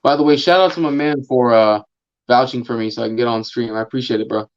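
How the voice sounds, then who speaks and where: A man joining a livestream panel, joking and tossing in quick remarks. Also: mid-range voice, no room sound, lo-fi sound. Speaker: panel guest. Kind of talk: casual livestream chat.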